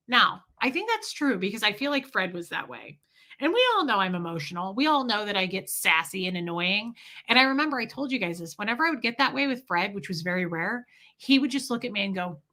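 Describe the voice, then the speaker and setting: A woman's voice: a little high, sing-song, normal speed, sharp tone. A woman in her forties hosting a casual livestream, telling personal stories candidly with a sassy edge. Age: 40s. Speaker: livestream host.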